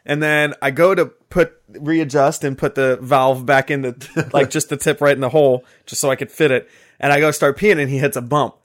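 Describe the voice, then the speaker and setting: A young man telling a rowdy story on a podcast with friends. He talks casually, swears freely and gets animated as the story builds. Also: mid-range voice, moderate pace. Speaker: podcast co-host. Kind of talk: casual chat.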